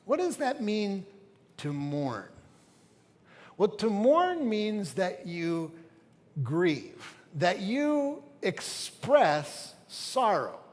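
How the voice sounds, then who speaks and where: A man's voice: high-pitched, big pitch swings, very slow. A middle-aged man preaching a sermon as a pastor, telling stories conversationally and with humor, in a church sanctuary. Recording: reverberant church hall with faint ambience.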